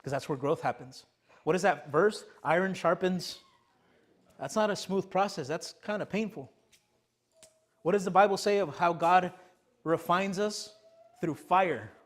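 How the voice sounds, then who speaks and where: Emphatic young pastor preaching, higher voice. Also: male voice, unhurried, long pauses. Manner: emphatic preaching with repeated rhetorical questions. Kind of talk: sermon. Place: church sanctuary.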